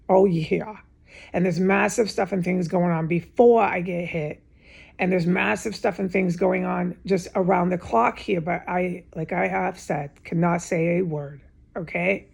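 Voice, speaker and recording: Woman vlogger with a very gravelly, husky voice, ranting at home in a loose, repetitive monologue. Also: fairly low pitch. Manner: agitated, repetitive, with frequent swearing. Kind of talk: rambling direct-to-camera monologue. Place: home, indoors.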